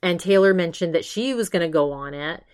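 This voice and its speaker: A woman with a slightly low voice talks through a podcast episode in a loose, chatty monologue. She rambles, restarts her sentences, and keeps slipping into "she's like" to retell what others said. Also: animated, a little fast, smooth. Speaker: podcast host. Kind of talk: casual monologue review.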